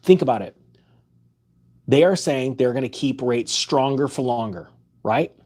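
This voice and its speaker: A man's voice: mid-range voice, expressive, unhurried, darkish tone. Skeptical man giving emphatic finance commentary. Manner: skeptical, emphatic rhetorical questions. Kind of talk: opinionated commentary reading news aloud.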